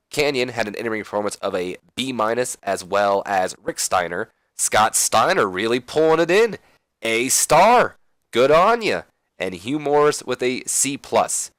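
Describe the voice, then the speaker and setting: A man's voice: on the low side, dry recording. A man hosting a let's play, giving loose, chatty game commentary with lots of filler.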